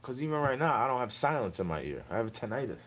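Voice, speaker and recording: A man's voice: medium pitch, very animated, fast, fairly bright tone, poor audio. A young man talking straight to the listener in a rambling, aggrieved monologue, tossing in "bro" again and again. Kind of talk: unscripted monologue rant.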